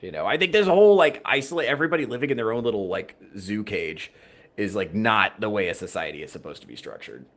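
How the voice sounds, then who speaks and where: Low-voiced rambling man chatting to his stream. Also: big pitch swings, fast talker, fairly bright tone. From United States. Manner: rambling, profane, wry. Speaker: podcast host reading chat. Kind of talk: casual livestream chat.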